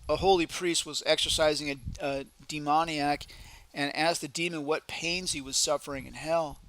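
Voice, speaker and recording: A man giving a solemn, deliberate devotional reading aloud. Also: a little high, fairly even intonation, a bit bright, no echo, poor audio. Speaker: reader.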